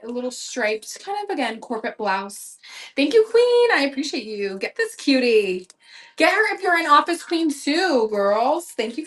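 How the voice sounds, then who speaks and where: A young woman with a chatty, gushing manner, full of slang and fillers, selling clothes on a live stream. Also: a little high.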